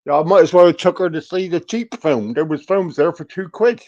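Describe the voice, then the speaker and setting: A man's voice: fairly high pitch, fairly quick, muffled recording. A man, chatting casually as co-host and telling swear-laden stories, acting out his family's voices. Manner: profane storyteller, animated quoting of family. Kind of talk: casual chat.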